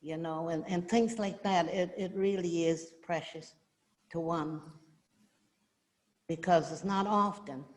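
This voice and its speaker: A woman's voice: fairly low pitch, slow pace, long pauses, a little mellow, big-room sound. An older woman telling a heartfelt, rambling personal story in a casual way. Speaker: gift recipient sharing a story. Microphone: video call audio.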